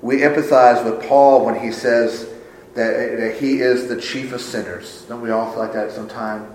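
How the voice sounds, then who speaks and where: A man's voice: level tone, normal speed. Man preaching a sermon in an echoey church. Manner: swings from hushed low phrases to raised emphatic ones. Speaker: pastor. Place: church sanctuary.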